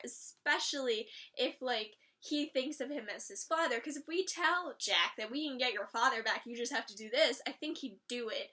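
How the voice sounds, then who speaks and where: A woman's voice: high-pitched, pushed and bright. A young woman casually recapping a TV episode, gushing and emotional as she retells scenes and acts out the characters' lines. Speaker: show recap vlogger.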